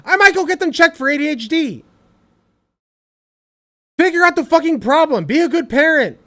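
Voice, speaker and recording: A man with a high voice that swings wildly up and down, ranting through reaction commentary. He swears freely and sounds exasperated, bursting out loud and then dropping low. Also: moderate pace, pauses often. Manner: animated, profane, exasperated ranting. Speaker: streamer reacting to a clip.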